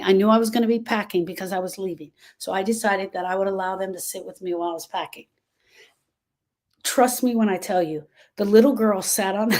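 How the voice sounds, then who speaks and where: A woman in her sixties, a grief coach, teaching a group in a lively, conversational storytelling way. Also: mid-range voice.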